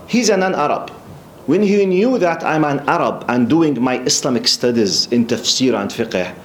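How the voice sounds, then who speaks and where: A middle-aged man from Jordan with a Jordanian Arabic accent, a lecturer giving a lively religious talk full of stories, laughing often and repeating words. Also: on the high side, slight background noise. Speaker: Islamic studies lecturer. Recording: roomy echo.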